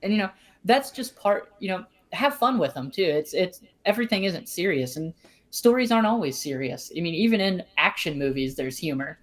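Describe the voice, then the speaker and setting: A woman with a Southern US accent and a low, deep voice hosts a relaxed podcast conversation. She talks in a chatty, easygoing way, with stories and asides. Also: a little fast. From American South. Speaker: host. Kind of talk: casual podcast chat.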